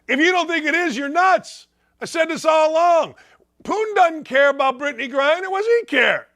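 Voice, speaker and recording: A middle-aged man hosts a sports talk show with a very high, bright voice. He rants in an opinionated way and fires off rhetorical questions. His tone is forceful throughout. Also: animated, moderate pace. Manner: emphatic, rhetorical questions, ranting.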